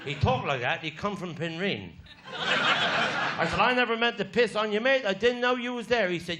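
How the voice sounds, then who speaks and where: A man's voice: high voice, animated, normal speed. A man with a Cornish accent telling bawdy rural yarns on stage and putting down hecklers. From Cornwall, England. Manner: bawdy rural yarn-spinning with heckler put-downs. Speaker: stand-up comedian. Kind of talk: live stand-up storytelling. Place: theatre stage before a live audience. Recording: live show with loud audience laughter and noise.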